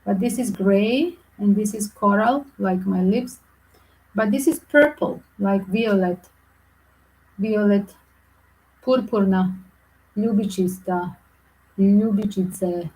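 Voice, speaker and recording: A woman with reading tarot cards for viewers, chatty and animated, with small slips in her phrasing. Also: medium pitch, measured pace, rough recording. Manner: chatty, animated, non-native English with slips. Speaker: tarot reader.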